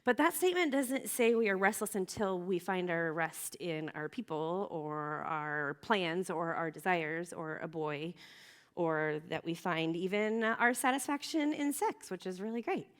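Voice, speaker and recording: A woman's voice: on the low side, unhurried. Earnest woman giving a personal testimony. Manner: earnest and chatty, with many fillers and restarts. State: emotional. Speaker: youth ministry speaker.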